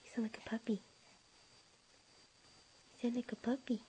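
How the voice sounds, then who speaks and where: A woman's voice: a little high, little pitch movement, moderate pace, dark tone, a little hiss or hum. A young mother at home, cooing teasing sing-song baby talk to her infant while filming on a handheld camera. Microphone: handheld camera mic.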